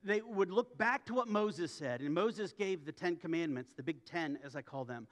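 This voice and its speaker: A man's voice: on the high side, animated, normal speed. A man preaching a sermon as a pastor, in a conversational way with joking asides. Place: church sanctuary. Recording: long church reverb.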